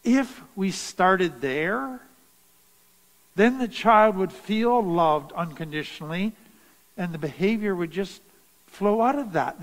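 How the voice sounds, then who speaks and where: Man, high-pitched voice, unhurried deliberate teaching talk, earnest, long reverb around him. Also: animated. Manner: slow, deliberate and earnest, with stressed phrases. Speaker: trauma educator.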